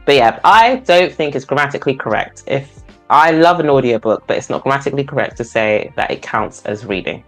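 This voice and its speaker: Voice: mid-range voice, animated, fairly quick, faint music behind. Inquisitive podcast co-host. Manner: inquisitive, many short mm's. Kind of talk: casual book chat.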